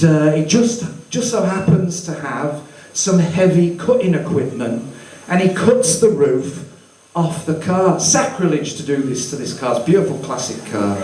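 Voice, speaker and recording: A man's voice: fairly high pitch, mellow, a little hiss or hum. A man in his fifties from Birmingham, with a Birmingham accent, telling rambling, self-mocking stories in a stand-up set. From Birmingham, England. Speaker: stand-up comedian. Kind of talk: stand-up comedy. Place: small comedy venue. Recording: echoey room, distant mic, faint ambience.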